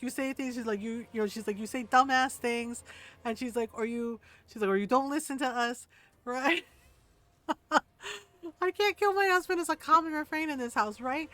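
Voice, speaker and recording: A woman's voice: fairly high pitch, a bit bright. A woman streamer chatting casually while gaming, laughing often and acting out quotes.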